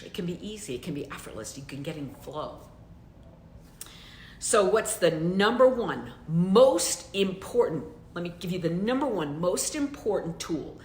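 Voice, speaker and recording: A woman coach delivers a motivational training with a very lively, up-and-down pitch, pressing her points with repeated direct questions. Her voice rings out in a roomy, echoey space. A faint rumble sits underneath. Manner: emphatic, addresses listeners directly with repeated questions. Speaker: business coach.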